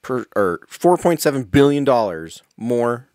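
A man's voice: mid-range voice, sing-song, unhurried, darkish tone, no echo, clean studio sound. Casual man talking. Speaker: podcast co-host. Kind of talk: casual comedic chat.

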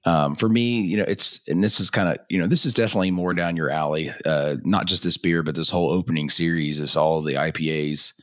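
Man, very low voice, slightly hoarse, dry close sound, laid-back chatty co-host. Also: a little fast, few pauses, no room sound. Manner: relaxed, chatty, reads labels aloud. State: hoarse voice recovering from yelling. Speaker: co-host of a beer tasting show. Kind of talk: casual chat.

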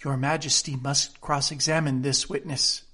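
A man voicing a fussy rabbit herald who speaks in a shrill, respectful way. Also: little pitch movement, moderate pace, sharp tone, husky.

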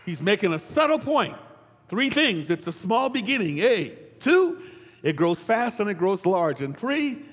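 A man with a notably high voice preaches to his church, repeating phrases in rhythmic runs and calling on the congregation to answer back. He moves from low, quiet teaching to shouted peaks. The sound rings with a long reverb from a large hall. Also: sing-song, measured pace. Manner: rhythmic repetition, call-and-response, rising to shouts. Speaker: pastor. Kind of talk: sermon. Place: church service.

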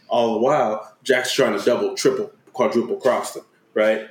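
A man's voice: on the low side, fairly even intonation, moderate pace, hardly any pauses, reverberant. A man casually recapping a movie plot, swearing freely and acting out lines in slang. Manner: profane, slangy retelling with acted-out quotes. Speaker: podcast co-host.

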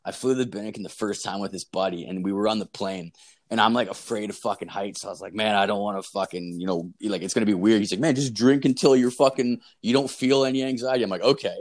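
A man's voice: low voice, fairly even intonation, fast talker. A young man hosting a podcast, telling a long story in casual chat, rambling and swearing constantly with lots of "like" and "dude". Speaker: podcast host.

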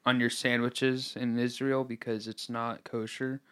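A man's voice: medium pitch, little pitch movement, unhurried, fairly bright tone, clear, resonant tone. A young man co-hosting a casual podcast, joking and laughing often. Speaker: podcast co-host. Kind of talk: casual chat.

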